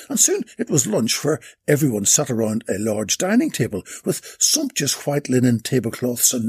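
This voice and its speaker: Gravelly man narrating a comic story. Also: mid-range voice, a little mellow.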